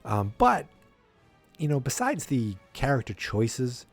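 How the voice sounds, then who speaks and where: Man, podcast host, husky voice, casual rambling recap, faint music behind. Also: mid-range voice, wildly swooping pitch, slow pace. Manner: rambling recap that acts out quotes in silly voices. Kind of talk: casual movie review chat.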